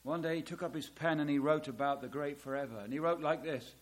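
A middle-aged man preaching a sermon, dramatic, swelling loud on key words and dropping to a hush. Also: fairly high pitch, steady tone, quick pace.

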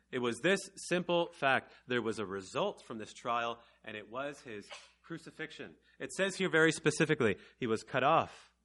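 A man delivers an evangelical sermon with a bright, forceful edge to his voice. He drops to slow, hushed phrases, then rises to loud, urgent appeals. His pitch sits right in the middle for a man. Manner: dynamic preaching, swinging from soft and slow to loud and emphatic. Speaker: preacher.

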